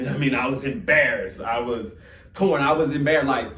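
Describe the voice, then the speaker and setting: A young man from Florida telling a motivational story in an animated, casual, conversational way. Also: medium pitch, moderate pace. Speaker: motivational speaker. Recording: roomy sound from a distant mic.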